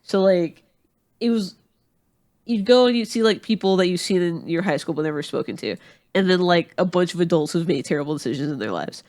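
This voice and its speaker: A podcast co-host from Atlanta, USA tells a long, rambling story in casual conversation, full of fillers and restarts. His voice sits high and is a little mellow, with lively intonation and a slightly fast pace.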